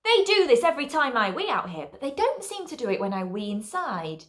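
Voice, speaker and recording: A woman voicing a curious, cheerful puppy thinking aloud in a chatty, musing way, with a high, lively voice. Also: fairly quick.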